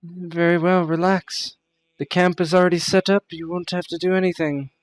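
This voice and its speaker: A man's voice: a little high, takes it slowly. A man voicing a proud female desert priestess who speaks in a formal, aloof way. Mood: cool, formal.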